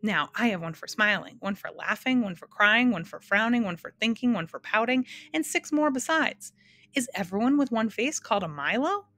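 A woman's voice: on the high side, animated, moderate pace, bright, forceful tone, no room sound, pitched above the performer's own voice. A woman voicing a fussy male math creature with twelve faces, precise and lecturing in a storybook reading.

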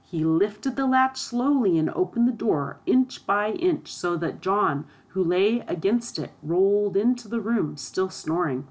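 A woman narrating a storybook aloud in a steady, expressive reading. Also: mid-range voice, a little slow, hardly any pauses.

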